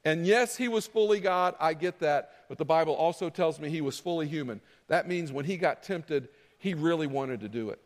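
High-voiced pastor preaching in a reverberant hall. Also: male voice, normal speed, few pauses. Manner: conversational, acting out listeners' objections. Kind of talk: sermon.

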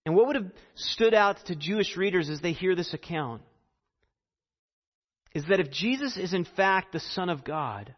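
A man with a high voice preaches a sermon, leaning on repeated phrases and dramatic pauses. His earnest delivery carries a long hall echo. The recording sounds dull and muffled. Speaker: pastor.

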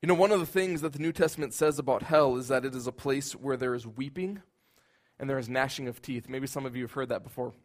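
A man preaching a sermon in an earnest voice, building at times into loud, emphatic outbursts. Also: medium pitch, steady tone, fast.

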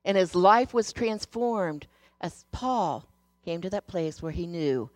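A woman's voice: fairly low pitch, animated, slow, no echo. Earnest woman preaching in a dry recording. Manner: storytelling, earnest, shifting between hushed and emphatic. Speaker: speaker sharing a devotional message. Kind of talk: sermon.

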